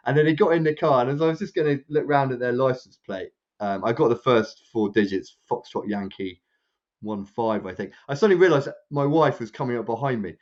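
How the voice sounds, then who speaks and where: Talking a little fast, a man on a podcast tells a rambling, casual story and imitates other people's words with his voice pitched up. He sounds animated throughout, though the high frequencies are cut off.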